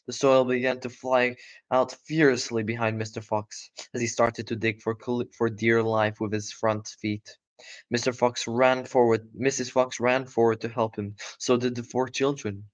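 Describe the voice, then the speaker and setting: Man, live audiobook reading, casual asides, self-corrections, average pitch. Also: level tone, moderate pace, muffled recording. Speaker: storyteller.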